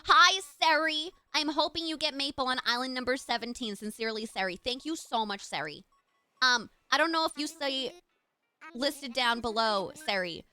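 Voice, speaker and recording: A woman's voice: sits high, moderate pace, pushed and bright, clear, resonant tone, faint music behind. A young adult woman streaming live, chatting casually and gushing thanks to her chat in a bubbly way.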